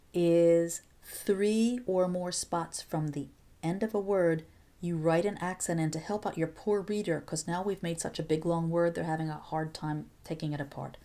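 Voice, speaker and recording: A woman teaching a recorded video lesson, walking through each step patiently and clearly, with the odd playful aside. Her voice sits a little low and sounds mellow and soft-edged. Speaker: Spanish teacher.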